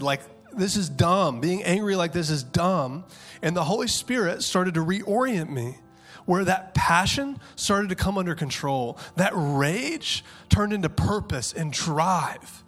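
A male pastor in his thirties delivers a heartfelt sermon. His voice sits a little high and swings from quiet, intimate moments to loud, urgent peaks. Faint music plays beneath him. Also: lively intonation, slow pace. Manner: passionate preaching, swings from hushed to loud.

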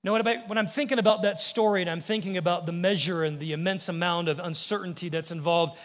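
High-voiced American pastor preaching in a reverberant hall. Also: male voice, fairly even intonation, fast. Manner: earnest preaching, voice dropping low and soft on quoted words. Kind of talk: sermon. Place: church sanctuary.

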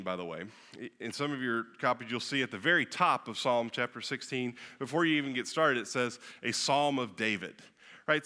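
A man's voice: medium pitch, bright, forceful tone. A man preaching a sermon as pastor, in a conversational way, often checking in with "right?" and restarting his phrases. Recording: long reverb of a large hall.

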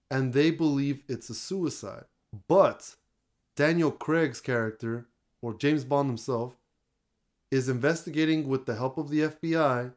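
A man's voice: mid-range voice, darkish tone. A man co-hosting a casual movie review, retelling the plot with lots of fillers. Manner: chatty, retells plots with fillers. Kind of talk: casual chat.

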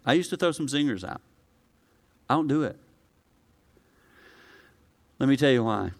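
A male pastor preaching a conversational sermon to a live congregation, swinging from quiet, low delivery to loud, high-pitched excitement. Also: unhurried, creaky, a little hiss or hum. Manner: conversational, personal preaching with direct address.

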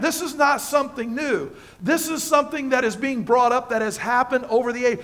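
A man's voice: very high-pitched, a little fast, hardly any pauses, a bit bright. A man preaching a sermon as pastor in a church, emphatic and passionate, repeating phrases for stress. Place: church sanctuary with congregation.

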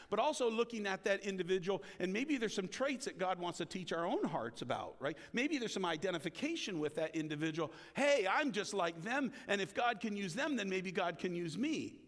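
A man preaching a sermon in a church, talking conversationally to the congregation and acting out the quotes he tells. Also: a bit bright. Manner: conversational, frequent "right?" asks to the congregation; acts out quoted speech with big pitch swings. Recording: long reverb of a large hall.

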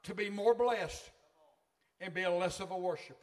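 A man's voice: sits high, normal speed. A middle-aged man preaching a sermon in a fervent, folksy way.

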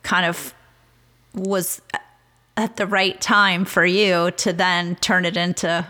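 Bright-voiced woman interviewer. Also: lowish voice, little pitch movement, slow pace. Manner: affirming, supportive. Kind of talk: interview conversation.

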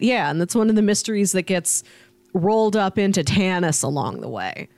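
A woman's voice: mid-range voice, expressive, normal speed, a little mellow, no room sound. A young woman co-hosting a podcast, chatting enthusiastically with lots of "like" fillers. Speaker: podcast co-host. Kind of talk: casual podcast chat.

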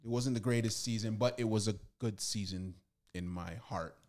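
A man's voice: fairly low pitch, moderate pace, a little mellow. A man co-hosting a podcast in an easygoing, joking way. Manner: easygoing, joking, gives ratings. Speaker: podcast co-host. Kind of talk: casual chat.

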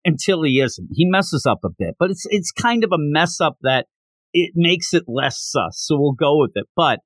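A man's voice: on the high side, normal speed, no echo. A male podcast host giving a casual, giggly recap of a comic chapter and acting out its dialogue. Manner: animated, giggly, acts out dialogue. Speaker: podcast host reviewing manga.

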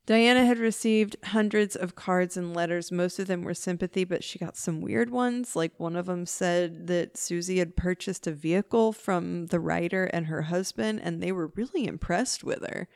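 A woman's voice: on the low side, moderate pace, vocal fry, few pauses, darkish tone, clean tone, dry recording, clean studio sound. A woman hosting a podcast, telling a true-crime case in a casual, chatty way with wry asides and swearing. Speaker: podcast host.

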